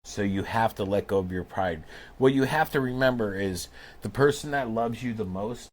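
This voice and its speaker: A man's voice: fairly low pitch, normal speed. A man co-hosting a podcast, talking earnestly and emphatically in a candid conversation. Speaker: podcast co-host.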